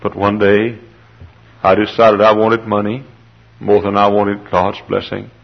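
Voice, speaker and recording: A man's voice: fairly low pitch, monotone, measured pace, creaky. A man preaching in the voice of a leprous servant and father who blames himself for his children's disease, speaking a remorseful first-person lament. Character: grieving leprous male servant, guilt-ridden father. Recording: dull lo-fi sermon recording.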